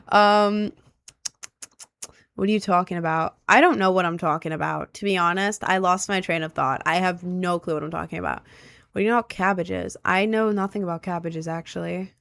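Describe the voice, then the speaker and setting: A woman's voice: lowish voice, steady tone, brisk, creaky, fairly bright tone, no room sound. A young woman streamer chatting casually with her viewers, rambling and easily sidetracked in an upbeat way.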